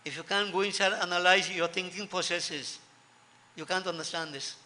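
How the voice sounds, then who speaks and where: Earnest high-voiced preacher in a hall. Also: male voice, steady tone, fairly quick, bright, forceful tone. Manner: earnest, repeats key lines for emphasis. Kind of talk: sermon. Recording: long hall reverb.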